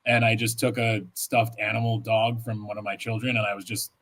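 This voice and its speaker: Husky laughing podcast co-host, a man. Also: on the low side, level tone, brisk, fairly bright tone. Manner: laughing, swearing, rambling storyteller. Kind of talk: casual chat.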